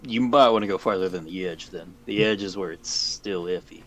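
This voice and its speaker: A man's voice: low-pitched, brisk, a bit bright. A man running a tabletop role-playing game, plainly explaining rules and what the players see.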